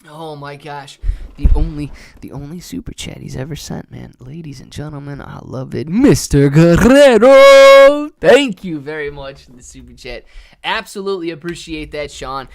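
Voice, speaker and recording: Young male streamer, higher-pitched, excitable, breathless market hype. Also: moderate pace, creaky. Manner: hyped, thanks viewers by name. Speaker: live stream host. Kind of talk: live stream chat and market commentary.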